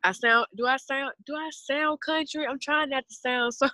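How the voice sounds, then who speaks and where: A woman's voice: sits high, steady tone, normal speed, sharp tone, no room sound. A woman in her twenties with a Southern US accent, chatting casually and earnestly on a podcast in a rambling way. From Southern United States. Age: 20s. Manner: rambling, earnest, talks about spirituality.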